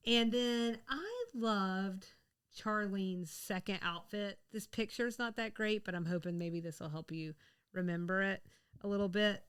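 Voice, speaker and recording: A woman co-hosting a podcast in casual chat, chatty and quick to laugh. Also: mid-range voice, a bit bright, clean tone. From the American South. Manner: chatty, laughs often, rambling restarts. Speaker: podcast co-host.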